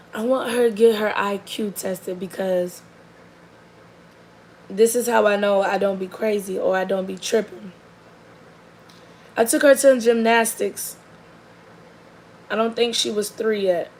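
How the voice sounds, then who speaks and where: Brief: young mom, gravelly voice, chatty, faint hiss behind. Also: female voice, mid-range voice, poor audio. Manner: animated, chatty, lots of fillers. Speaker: mother. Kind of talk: casual storytelling chat. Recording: faint background noise.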